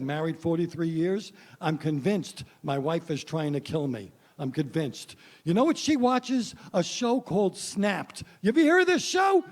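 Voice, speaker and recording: A man in his sixties doing a stand-up comedy set on stage, punchy and wry, talking straight to the crowd. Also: high voice. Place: stage before a live audience.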